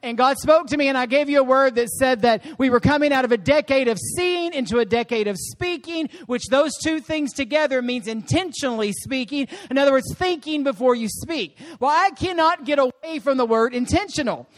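A woman guest preacher delivering an animated sermon, calling for responses from the congregation. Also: high voice, a little fast, few pauses. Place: church service.

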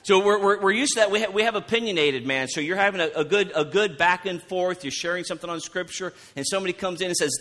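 A man's voice: high voice, fast talker, few pauses, fairly bright tone. A man preaching a conversational sermon, who often repeats words and asks his listeners questions. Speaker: pastor.

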